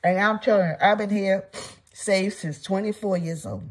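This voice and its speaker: An older woman in her seventies gives a Bible study lesson, her voice husky and a little breathy at a middle pitch. She teaches earnestly and keeps checking in with her listeners. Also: normal speed. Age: 70s.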